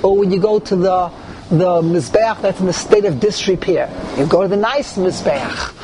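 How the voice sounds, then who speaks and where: A man teaching a Torah class to a group, animated, with rising emphasis and many Hebrew terms. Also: high voice, moderate pace, background noise. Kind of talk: lively Torah class with questions.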